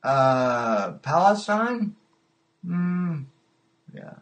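A man hosting a casual livestreamed call-in podcast, talking in a halting way and repeating his words. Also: fairly high pitch, big pitch swings. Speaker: podcast host.

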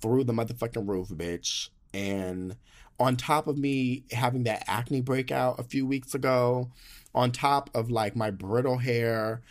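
A young man speaks in a sassy, animated podcast monologue, heavy on slang and playful swearing. His voice sits at an ordinary middle pitch and carries a casual, confiding tone, as if chatting with listeners. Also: a little slow. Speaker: podcast host.

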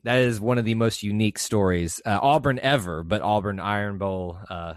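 A man's voice: on the low side, normal speed, clear, resonant tone, no room sound, clean studio sound. A man hosting an interview series, easygoing and laughing along with his guest. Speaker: host. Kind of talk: casual interview chat.

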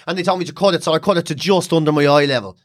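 Man, high-pitched, blunt and sweary, casual podcast chat. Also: racing.

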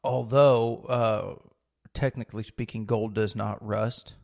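A middle-aged man in a casual faith podcast chat, talking in a thoughtful, halting, wry way. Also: on the low side, fairly even intonation, gravelly, a little mellow. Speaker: co-host.

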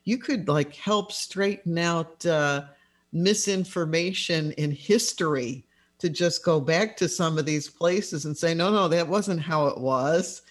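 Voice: medium pitch, measured pace. A co-host in an interview musing with fascination about a guest's ability. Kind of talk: radio interview.

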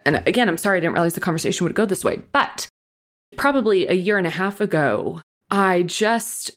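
Tearful, halting woman guest. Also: lowish voice, expressive. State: near tears. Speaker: podcast guest. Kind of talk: emotional personal sharing.

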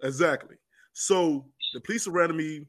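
A man telling a story as a podcast guest, animated, and repeating phrases for emphasis. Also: on the high side, moderate pace. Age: adult with children. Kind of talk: casual storytelling.

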